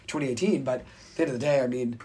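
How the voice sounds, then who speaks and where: A man's voice: medium pitch, racing, warm tone, husky. A man with a Boston accent hosting a casual sports chat in a college radio studio, rambling and repeating stock phrases. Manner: rambling, repeats "at the end of the day". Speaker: host.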